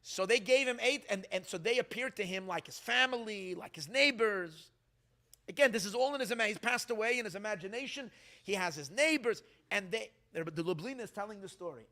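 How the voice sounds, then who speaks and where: A man, a rabbi, telling stories at a gathering in an animated, halting way, with many restarts. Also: high voice. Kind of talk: storytelling talk.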